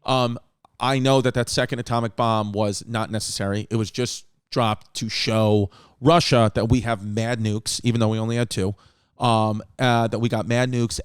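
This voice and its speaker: A man hosting a comedy podcast, with a smooth, resonant voice recorded dry and close. He rambles through stories and acts out his friends' words. He swears casually along the way. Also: mid-range voice, no room sound. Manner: rambling storytelling, acting out quoted friends. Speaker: podcast host.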